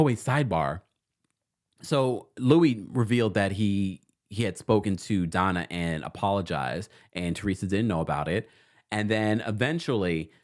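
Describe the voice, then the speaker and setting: Animated chatty man recapping. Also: on the low side. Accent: New York. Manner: animated, chatty, quotes people in lively mimicry. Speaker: recap host. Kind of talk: casual recap commentary.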